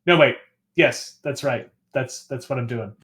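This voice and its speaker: A man's voice: mid-range voice, measured pace, fairly bright tone. A man playing a board game, haggling over a trade and working it out aloud with hesitant fillers. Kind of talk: casual game-table chat.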